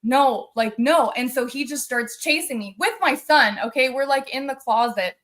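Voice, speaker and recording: A woman's voice: high-pitched, normal speed, fairly bright tone. A woman, a guest on a live stream, telling a personal story in an earnest, emotional way and circling back over the details. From United States.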